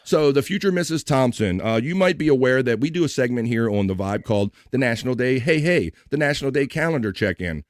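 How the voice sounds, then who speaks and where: A man's voice: medium pitch, expressive, quick pace, hardly any pauses, no echo, studio quality. A man hosting a casual live stream, chatting and joking as he reads out viewers' messages. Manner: chatty, reads chat messages aloud, jokey.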